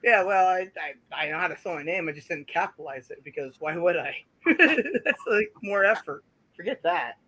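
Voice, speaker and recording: Bright, giggly joking man. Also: high-pitched, expressive, moderate pace, poor audio. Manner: jokey, giggly, stammering restarts. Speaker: livestream guest on call. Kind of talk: casual chat.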